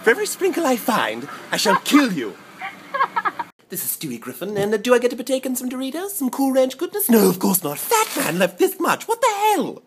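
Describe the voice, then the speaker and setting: A man's voice: very high voice, wildly swooping pitch, fairly quick, noisy background, pitched above the performer's own voice, full character voice. A man putting on the voice of a bratty, scheming baby boy with a posh English accent, haughty and theatrical. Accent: put-on posh English. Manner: haughty, theatrical, sudden squeals. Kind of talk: comedy sketch impression.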